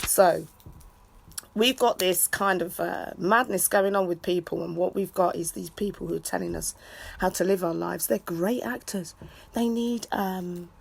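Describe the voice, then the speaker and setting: A woman in a rambling live video chat. She rants and shouts out to friends in an excitable way. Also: on the low side, measured pace, gravelly, husky. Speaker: vlogger.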